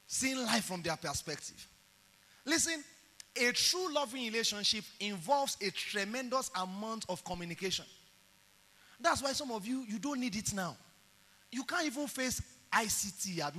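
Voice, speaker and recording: Bright, high-voiced Nigerian preacher. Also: male voice, long reverb tail. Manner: animated storytelling, acts out dialogue. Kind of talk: sermon.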